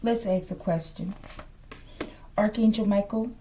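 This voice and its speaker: Woman, tarot reader, slight lisp, slow unhurried delivery, mellow voice, keeps checking in with "okay?". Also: mid-range voice, steady tone, slight background noise. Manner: speculative, repeats "collective" and "okay?"; slow, drops to whispers at times. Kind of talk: casual tarot reading to viewers.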